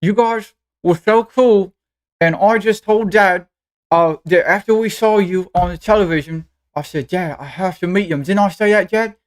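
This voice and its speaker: A man voicing an excitable eight-year-old girl who gushes over her heroes in a tabletop game. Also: high voice, a little slow, pitched above the performer's own voice. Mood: eager chatty. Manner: bubbly, gushing, breathless chatter.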